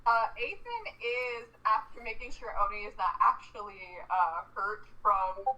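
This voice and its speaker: Bright-voiced woman playing a tabletop game. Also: mid-range voice, unhurried, lo-fi sound. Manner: chatty, describes her character's actions. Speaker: player.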